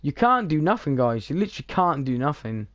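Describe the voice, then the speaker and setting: Young British male streamer, casual sweary rambler, slightly high voice, dry close mic. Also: very animated, a little fast, no echo. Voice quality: swears freely, chatty, blunt. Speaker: gaming streamer. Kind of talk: casual rambling chat over gameplay.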